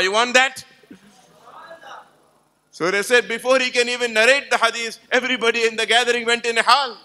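Speaking a little fast and pausing often, the Islamic lecturer uses a very high, steady, pushed and bright voice. His emphatic religious lecture to a live gathering mixes storytelling with rhetorical questions put to listeners.

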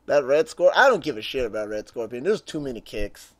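A man's voice: medium pitch, very animated, a little fast, dull audio. A man hosting a gaming channel who gives profane let's-play commentary and rants and swears whenever the game goes against him. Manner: swearing, frustrated ranting. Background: game music.

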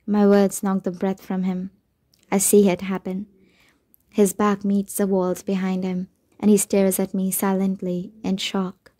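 A woman reads a first-person novel aloud in a measured, steady way. Her voice is mellow and dark, with a flat, even pitch line. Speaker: audiobook narrator.

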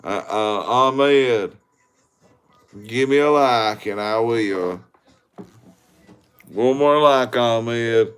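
A man's voice: mid-range voice, very slow, long pauses, fairly bright tone, smooth. A man hosting a casual walking livestream on his phone, rambling crudely at viewers and begging for likes. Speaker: livestream host.

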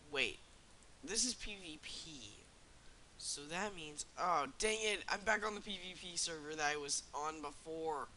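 A man with a slightly high, very bright and forceful voice gives excitable gameplay commentary, talking straight to his viewers. A faint hiss sits under the voice. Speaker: gaming channel host.

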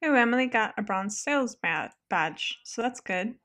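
A woman giving casual let's-play game commentary, chatty and excitable, quick to laugh. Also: a little high.

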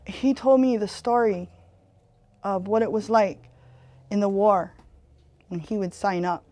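A woman's voice: medium pitch, moderate pace, darkish tone, dry recording. An earnest woman from Hawaii with a light Hawaiian Pidgin-tinged accent speaks in a mid-range voice, talking to a community audience like she's chatting with them. The sound is dry and close, with almost no room around it. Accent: Hawaiian Pidgin-tinged English. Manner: earnest and conversational, leans on "you know". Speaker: speaker giving a community presentation. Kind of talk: conversational talk with storytelling.

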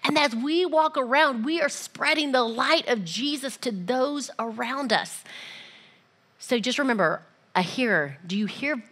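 A woman giving a casual, lively church teaching, often acting out little voices and dialogues. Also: high voice, unhurried.

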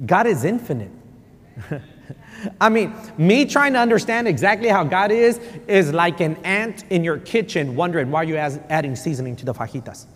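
A man in his forties, a pastor, preaching a sermon with animated storytelling and repetition for emphasis, slipping into Spanish. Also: sits high. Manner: animated storytelling, repeats for emphasis, code-switches. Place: church sanctuary. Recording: reverberant church hall.

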